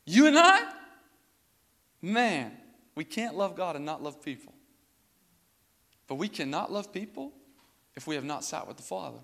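A male pastor delivers an earnest sermon in a somewhat high voice, repeating his phrases and swelling to emphatic peaks. His voice carries a long reverb from the church hall around him. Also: expressive, normal speed, vocal fry, pauses often.

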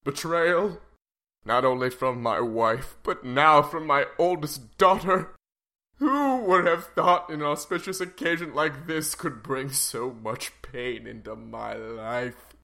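A man's voice: medium pitch, slow, vocal fry, bright, forceful tone, full character voice. A man voicing a pompous, melodramatic rich father in a comedy sketch.

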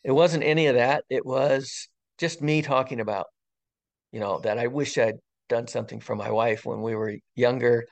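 Older man telling a story haltingly. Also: mid-range voice, steady tone, vocal fry. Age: 60s. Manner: halting, with frequent ums and pauses; earnest and wondering. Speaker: interview guest, retired fire captain. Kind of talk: personal storytelling in conversation.

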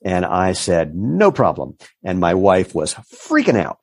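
A man's voice: low voice, a little slow, no echo, clean studio sound. A man in his fifties, a business founder being interviewed, telling stories and acting out the voices of the people he quotes. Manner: animated storyteller who acts out quoted voices. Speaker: entrepreneur guest. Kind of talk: casual interview storytelling.

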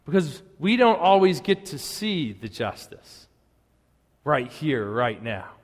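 A man preaching a sermon as pastor in a church, earnest, pausing often and dropping to a hushed voice on key phrases. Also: fairly high pitch, sing-song. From United States. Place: church sanctuary. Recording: long hall reverb.

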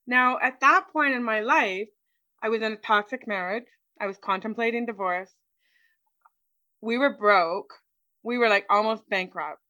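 A woman's voice: a little high, unhurried, pushed and bright, no echo, rough recording. A woman guest in an interview, chatting casually through a personal story and acting out what people said to her. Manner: chatty, acts out quoted dialogue, many "like"s.

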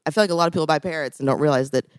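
A woman co-hosting a podcast, retelling stories in an animated casual chat. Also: sits low, very fast, clean tone, no room sound, studio quality. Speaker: podcast co-host.

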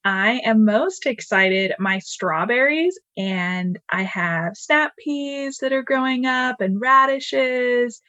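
A woman guest on a podcast, chatting in a relaxed, friendly way. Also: fairly high pitch, takes it slowly, few pauses, dry recording, muffled recording. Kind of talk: casual interview chat.

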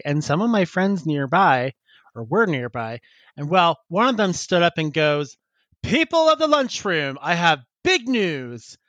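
A man's voice: on the high side, a bit bright, no room sound. A man co-hosting a casual podcast, who laughs often and rambles while he reads listener emails and chats. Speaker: podcast co-host.

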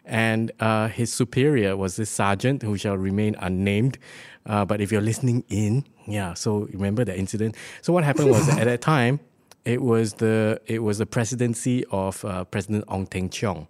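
A man's voice: lowish voice, normal speed, darkish tone. A man, chatting in an easygoing, teasing way. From Singapore. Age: 50s. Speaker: comedian guest. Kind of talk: casual chat.

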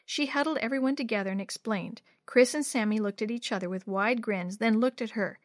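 A woman's voice: on the high side, brisk, dry recording, clean studio sound. Woman reading a children's story. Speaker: narrator.

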